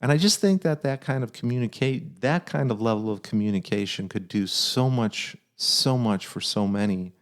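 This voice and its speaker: A man's voice: mid-range voice, moderate pace, few pauses, fairly bright tone. A middle-aged man hosting a casual podcast, giving earnest dad advice and often repeating his phrases.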